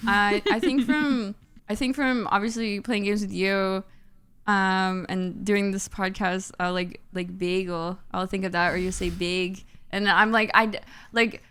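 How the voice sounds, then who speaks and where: A woman co-hosting a podcast in casual chat, talking in an animated, chatty way. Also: mid-range voice, measured pace, smooth. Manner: chatty, animated, trailing off into giggles. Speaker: podcast co-host.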